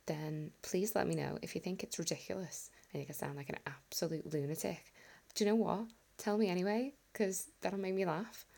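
A woman from the north of England with a soft Liverpool accent, chatting in a half-whispered ASMR ramble with a self-deprecating manner. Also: on the low side, creaky, slightly rough. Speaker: ASMR audio creator.

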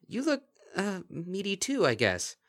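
A flustered young mare stammers out bewildered questions, voiced by a man reading a story. Her voice rides high above the reader's own, jumpy and animated. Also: a little slow, exaggerated voice.

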